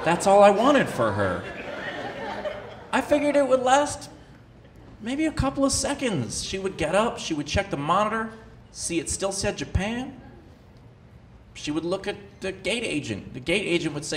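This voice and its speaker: Man, stand-up comedian, animated storytelling, live club stage, echoey room, audible crowd noise. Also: sits high, moderate pace. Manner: animated, rising to shouted outbursts. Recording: roomy live club sound with audience.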